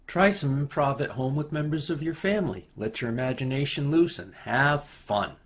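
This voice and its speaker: A man calmly reading out a list of writing prompts to a congregation at home. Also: mid-range voice, normal speed.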